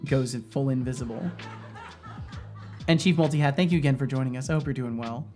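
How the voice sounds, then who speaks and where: A man's voice: mid-range voice, fairly quick, a little mellow, faint music behind. A man streaming as a game developer, chatting casually, rambling and laughing often as he reads chat aloud.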